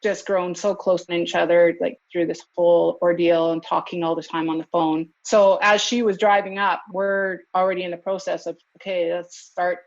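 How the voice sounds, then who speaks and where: Woman with a lowish voice telling her story, acts out other people's lines, dull lo-fi sound. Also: little pitch movement, normal speed, hardly any pauses. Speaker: interviewee recounting events. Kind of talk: casual storytelling interview. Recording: dull lo-fi recording.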